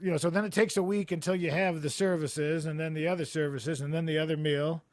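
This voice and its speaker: A man hosting a comedy podcast over a video call, telling rambling stories with deadpan absurd jokes. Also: fairly high pitch, quick pace, no echo, studio quality. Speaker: podcast host. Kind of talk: casual comedic chat. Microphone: remote video call.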